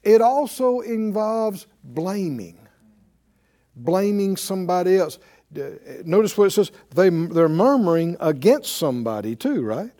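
A man's voice: sits high, very animated, measured pace, dark tone. A man preaching a sermon, who keeps quizzing his listeners with "Huh?". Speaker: preacher and Bible teacher.

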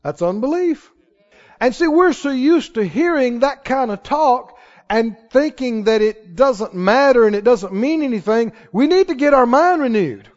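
A man's voice: extremely high pitch, expressive, measured pace, darkish tone. A man preaching a sermon as pastor, folksy and emphatic, building to exhortation, recorded in a church sanctuary. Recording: dull, reverberant church hall recording.

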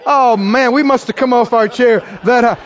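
A man preaching a sermon, telling stories with big swings from quiet asides to near-shouts. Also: very high-pitched, normal speed, highs cut off, some chatter behind.

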